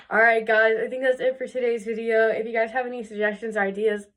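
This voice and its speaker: A young woman casually retelling a fairy tale for her video, chatty and full of fillers, jumping into quick voices for the characters. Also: on the high side, fairly bright tone. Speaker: video creator.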